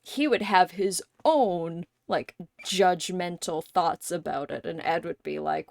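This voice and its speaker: A woman's voice: on the low side, big pitch swings, slow pace, few pauses, a little mellow, no echo, studio quality. A woman live streamer in casual chat, thinking aloud at length and swearing offhandedly.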